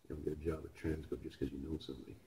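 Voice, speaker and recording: A man's voice: very deep voice, flat delivery, racing. A Canadian man with a Canadian accent rebuilding a transmission in his repair shop, talking casually with blunt jokes and swearing. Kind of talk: casual shop talk while working. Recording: noisy shop recording.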